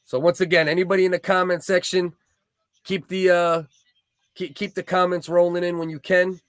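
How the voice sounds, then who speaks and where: A man's voice: sits high, little pitch movement, normal speed, no echo, studio quality. A man, hosting a casual livestream and telling rambling, profane, heated stories. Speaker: livestream host.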